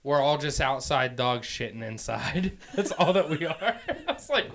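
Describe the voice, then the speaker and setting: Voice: mid-range voice, expressive, a little slow, background noise. Crude laughing Southern podcast host. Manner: crude, laughing, swears freely. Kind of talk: casual chat.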